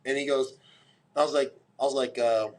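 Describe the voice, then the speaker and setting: A man's voice: medium pitch, fairly quick. A man in his forties as a podcast guest, telling a long story and acting out the voices of the people in it. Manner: animated storyteller, acts out quoted dialogue.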